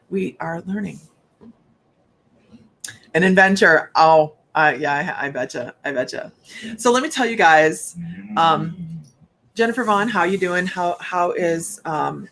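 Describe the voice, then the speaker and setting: A woman's voice: lowish voice, gravelly, fairly bright tone, slightly rough. A woman hosting a casual livestream, chatting to viewers and telling stories with plenty of laughter and acted-out quotes. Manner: chatty storyteller, laughs often, acts out quotes. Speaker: psychic livestream host.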